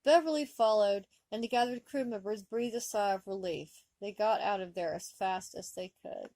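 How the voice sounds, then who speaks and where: A woman reading fan fiction aloud, with expressive comic narration. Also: mid-range voice, moderate pace, no echo. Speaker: story reader.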